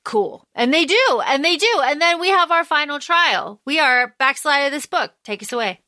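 A woman co-hosting a podcast, chatting casually as she recaps a novel and quotes its characters in lively voices. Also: high voice, moderate pace, dry recording, clean studio sound. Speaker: podcast co-host. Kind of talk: casual book discussion.

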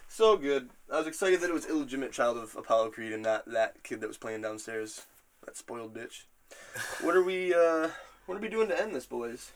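A man's voice: medium pitch, brisk. Profane, rambling male podcast host. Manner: profane, rambling, animated retelling. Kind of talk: casual podcast chat.

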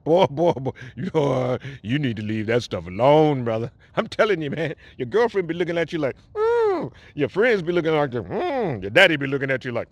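A man recording a playful video shout-out in a put-on Jamaican patois accent, teasing and laughing. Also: a little high, wildly swooping pitch, dry recording, highs cut off. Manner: laughing, teasing, drawn-out exclamations. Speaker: celebrity recording paid video greetings.

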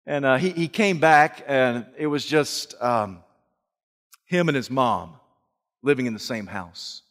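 A male preacher telling a story in a sermon, swinging from hushed, slow lines to loud shouting. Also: medium pitch, animated, in a large hall.

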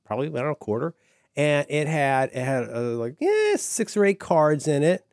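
Animated middle-aged man, dry close sound. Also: fairly high pitch, moderate pace, no room sound. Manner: enthusiastic, rambling with fillers and restarts. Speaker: podcast co-host. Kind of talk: casual chat.

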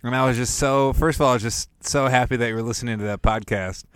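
A man's voice: mid-range voice, fairly even intonation, quick pace, smooth. A man with a mid-range voice co-hosts a casual podcast, playful and joking as he chats. The sound is dry and close, with no echo around him. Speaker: podcast co-host. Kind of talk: casual chat.

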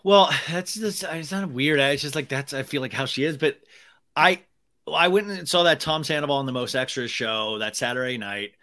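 A man chatting casually as a podcast guest, telling rambling, animated stories with many restarts. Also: fairly high pitch, normal speed. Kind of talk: casual chat.

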